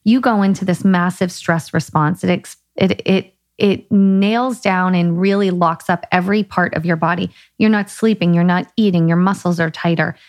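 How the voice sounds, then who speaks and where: A woman co-hosting a podcast, explaining ideas in a lively, casual way with quick runs of short sentences. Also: on the low side, dry recording, clean studio sound. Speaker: podcast co-host. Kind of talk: casual chat.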